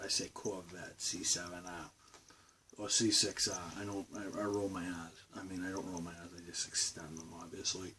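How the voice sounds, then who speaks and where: A young man with a thick Boston accent talks casually into his vlog, his very low voice wandering through fillers, restarts and asides. He sits well back from the microphone, and a faint hiss of background noise runs beneath his speech. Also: steady tone, distant mic. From Boston, Massachusetts. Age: 20s. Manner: rambling, halting, many fillers and restarts. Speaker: vlogger.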